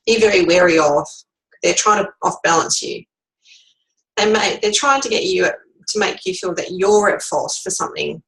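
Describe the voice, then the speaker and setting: A woman coach giving a calm, measured instructional lesson on handling workplace bullies. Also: lowish voice, rough recording. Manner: calm, measured, demonstrates sample replies.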